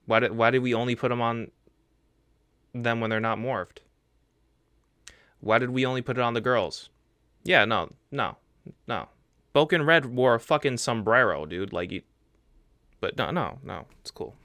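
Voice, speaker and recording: A young man hosting casual reaction commentary, joking and animated, often restarting his phrases. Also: mid-range voice, moderate pace, pauses often, no room sound, clean studio sound. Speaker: reaction channel host. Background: faint background music.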